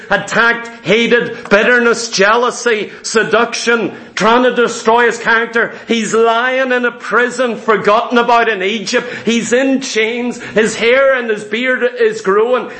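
A man's voice: extremely high pitch, pushed and bright, echoey room. A man preaching a sermon, often asking the congregation rhetorical questions.

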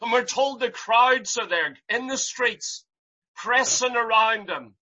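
A preacher delivering an impassioned sermon, piling up rhetorical questions and rising to loud cries. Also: medium pitch, slow pace, slightly rough, lo-fi sound.

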